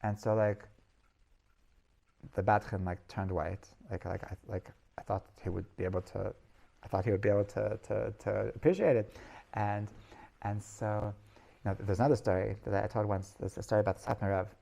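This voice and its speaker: A man's voice: fairly low pitch, fairly even intonation, brisk, gravelly, warm tone. A male rabbi telling stories in a class, rambling, restarting phrases and laughing at his own tales. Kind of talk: storytelling Torah class.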